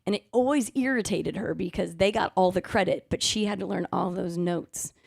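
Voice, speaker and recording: A woman's voice: on the low side, moderate pace, gravelly, darkish tone, no echo, clean studio sound. A woman singer chatting casually and telling stories between songs on a live music show. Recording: live music playing behind the voice.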